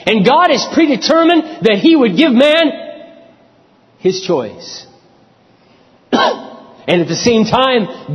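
A middle-aged man preaching a sermon, animated, acting out his own prayers and quotes. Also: high voice. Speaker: pastor. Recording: dull lo-fi recording in a reverberant hall.

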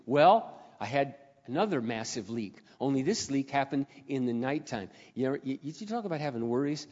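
A man telling a personal story in a sermon, animated, dropping to a hush and then rising to loud exclamations. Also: mid-range voice, brisk. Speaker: speaker. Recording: echoey hall, dull lo-fi sound.

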